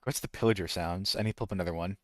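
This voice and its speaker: A man's voice: low-pitched, fairly even intonation, racing, dry recording, clean studio sound. A man streaming a game and chatting casually, rambling and breaking off to try voice impressions. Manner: rambling, self-interrupting, tries out voice impressions. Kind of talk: casual gaming stream chat.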